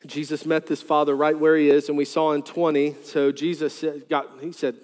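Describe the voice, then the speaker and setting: High-voiced preacher in a reverberant hall. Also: male voice, moderate pace, few pauses. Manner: animated, joking asides, rising to shouted quotes. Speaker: pastor. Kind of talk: sermon.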